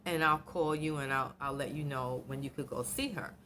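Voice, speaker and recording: A woman voicing her calm, caring mother in a soft, reassuring way. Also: extremely low pitch, normal speed, slight background noise, voice pushed down.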